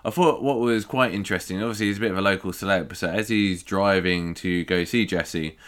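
A man's voice: low voice, brisk, a bit bright. A man co-hosting a casual film review podcast, swearing freely and rambling with frequent laughs. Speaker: podcast co-host.

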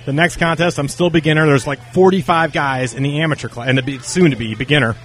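Guy telling stories casually, slightly high voice, acts out what people said, faint music in the back. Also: fast talker. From North Carolina. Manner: animated, acts out quoted dialogue. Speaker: interview guest. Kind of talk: casual storytelling.

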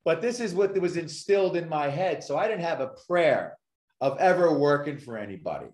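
A man's voice: fairly high pitch, animated, normal speed, darkish tone. Emphatic man in an echoey room. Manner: emphatic, repeats points for effect. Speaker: guest, addictions success coach. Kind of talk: podcast interview storytelling.

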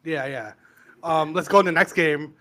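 A man's voice: a little high, normal speed, fairly bright tone. A man co-hosting a sports podcast, chatting casually and a bit hesitantly. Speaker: podcast co-host.

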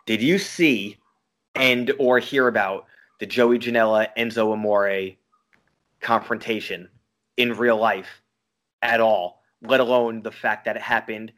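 A man's voice: fairly low pitch, fairly even intonation, a little slow, fairly bright tone. A man from Long Island co-hosting a wrestling podcast, talking in a casual, profane, ranting way. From Long Island, New York. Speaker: podcast co-host. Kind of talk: casual chat.

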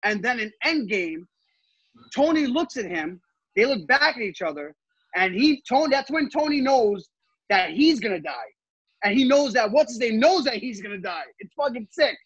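A man co-hosting a podcast in casual, excitable chat, swearing often and laughing a lot. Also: very high-pitched, normal speed, breathy edge, no echo, highs cut off. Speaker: podcast co-host.

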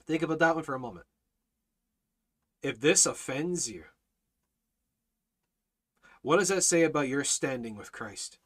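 A man teaching a Bible study in a fiery preaching style, hammering his points with repeated phrases and rising to near shouts. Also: on the high side, lively intonation, unhurried, long pauses, breathy edge.

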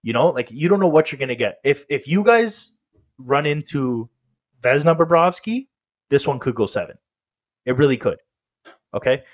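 A man's voice: medium pitch, animated, moderate pace, pauses often. A man co-hosting a casual sports podcast, talking in a rambling way with many fillers and restarts. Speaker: podcast co-host.

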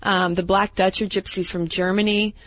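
A woman co-hosting a casual podcast, talking through history in a chatty, explanatory way. Her voice sits at a middle pitch, recorded close on a dry studio mic. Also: little pitch movement, normal speed, a bit bright, no echo, poor audio. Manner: chatty, explanatory, unsure of some pronunciations. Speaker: podcast co-host.

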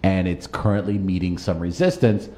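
A man's voice: sits low, steady tone, moderate pace, dark tone. A man co-hosting a casual talk show, riffing and laughing along with his co-hosts. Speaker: co-host. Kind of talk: casual chat.

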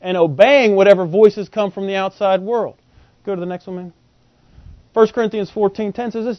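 Male preacher, high voice, animated Bible teaching; dry, lo-fi sound. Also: normal speed, no echo. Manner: animated, quizzes the audience with rhetorical questions. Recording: dull, lo-fi and dry.

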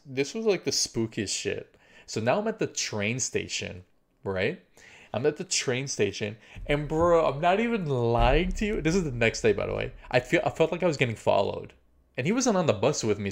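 A man's voice: mid-range voice, very animated, normal speed, gravelly. A young man casually telling a story, rambling with lots of fillers, swearing freely and acting out his own inner thoughts.

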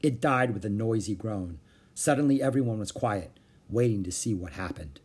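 Raspy, expressive man reading a children's book. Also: on the low side, moderate pace. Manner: expressive storytelling. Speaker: storyteller.

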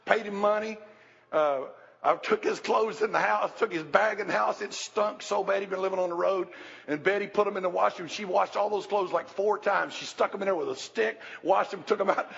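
A man's voice: sits high, a little fast, creaky, fairly bright tone, slightly rough. A man preaching a folksy, storytelling sermon as pastor, talking conversationally with restarts and asides, in a dull, echoey hall.

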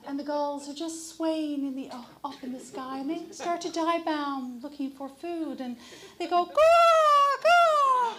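A middle-aged woman telling a funny personal story on stage to a live audience, animated and acting out the crows' caws. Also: sits high, moderate pace, heavy background noise. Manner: animated, mimics crow caws.

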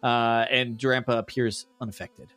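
A man's voice: mid-range voice, fairly even intonation, moderate pace, fairly bright tone, dry recording, soft background music. A man running a tabletop game as game master, narrating the action loosely with lots of fillers.

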